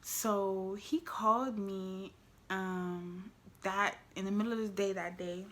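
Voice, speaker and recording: A young woman vlogger telling a frank storytime to her viewers in casual slang, swinging from loud exclaims to hushed asides. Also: medium pitch, steady tone, slow pace.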